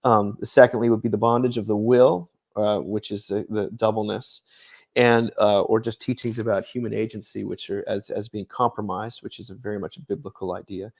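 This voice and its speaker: A man's voice: on the low side, fairly even intonation, brisk, a little mellow. A man appearing as an author guest in an interview, explaining ideas thoughtfully at length and laughing lightly in the middle of his thoughts. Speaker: author and ministry director, guest. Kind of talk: conversational interview.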